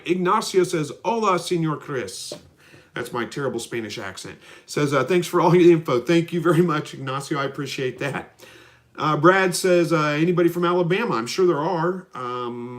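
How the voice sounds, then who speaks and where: A man's voice: on the high side, expressive, brisk. Stuffy-nosed man, live-stream host, easygoing and rambling. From Southwest Missouri. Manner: easygoing, rambling, chuckles often. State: stuffy nose. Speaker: livestream host. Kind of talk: casual live chat answering viewers.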